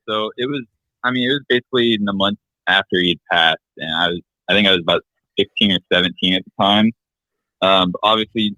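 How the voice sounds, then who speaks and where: A man's voice: low-pitched, sharp tone, no room sound, poor audio. A young man casually telling a personal story on a podcast, plain and a bit hesitant. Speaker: guest family member.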